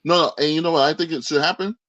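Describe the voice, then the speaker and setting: A man co-hosting a podcast who talks very fast and throws in sarcastic jabs. His voice sits a little high. It comes through a dull, lo-fi mic in a dry space. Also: steady tone, fairly bright tone, no room sound. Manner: rapid, sarcastic interjections. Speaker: podcast co-host. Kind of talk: casual podcast banter.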